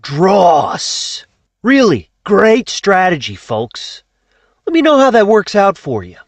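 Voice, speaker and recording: A man's voice: sits high, big pitch swings, takes it slowly, no room sound, exaggerated voice. A man impersonating an exasperated anarchist speaker who scolds his audience and swears freely. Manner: scolding, profane, repeats "okay" and "folks". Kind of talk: comedic impression.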